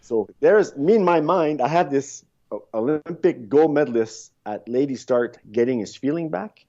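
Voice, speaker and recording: A man in his fifties, a podcast guest, telling rambling, animated stories in a casual interview, with frequent restarts. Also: medium pitch, moderate pace. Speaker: podcast guest, former luge athlete. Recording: dull lo-fi sound.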